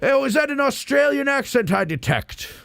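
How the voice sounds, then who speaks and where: A man's voice: extremely high pitch, sing-song, normal speed, gravelly, fairly bright tone, dry recording, pitched above the performer's own voice, full character voice. A man playing a grumpy, self-pitying Santa Claus in an improvised comedy podcast bit, blustering and laughing a lot. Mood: grumbling. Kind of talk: improvised comedy role-play.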